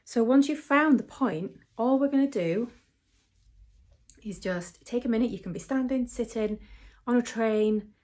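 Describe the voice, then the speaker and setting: A woman who teaches mindfulness and acupressure in a gentle, chatty way, with frequent ums. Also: fairly high pitch, measured pace. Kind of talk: relaxed instructional talk to camera.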